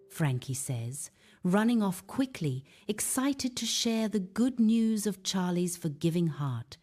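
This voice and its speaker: Woman, storyteller, mellow voice, lively pitch, faint background music. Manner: expressive, animated read-aloud. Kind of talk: children's Bible story narration.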